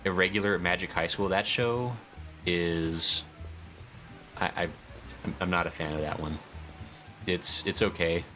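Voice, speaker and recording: Male streamer, lowish bright voice, casual chat over faint game music. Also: steady tone, a little slow, long pauses. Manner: chatty, reads chat aloud.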